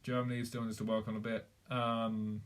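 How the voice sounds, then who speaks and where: A man's voice: on the low side, little pitch movement, moderate pace. A man streaming, chatting casually in a rambling, self-deprecating way. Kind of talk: casual chat.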